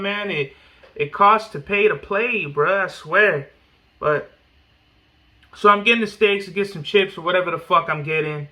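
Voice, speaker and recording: A man's voice: high voice, sharp tone. A man hosting a podcast in rambling, profane casual chat full of slang. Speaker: podcast host.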